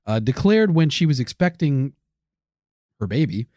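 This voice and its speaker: A man's voice: medium pitch, big pitch swings, moderate pace, darkish tone, no room sound, studio quality. A man co-hosting a comedic history podcast, reading notes with lots of fillers and cracking crude jokes. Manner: joking, crude, reads notes with many fillers. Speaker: podcast co-host.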